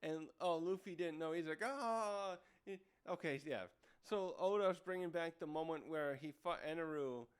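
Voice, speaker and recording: Male comic reviewer, casual and rambling, lightly high with a smooth, clear tone. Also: moderate pace, few pauses. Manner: rambling, with many fillers and restarts. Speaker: manga reviewer. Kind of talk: casual chat.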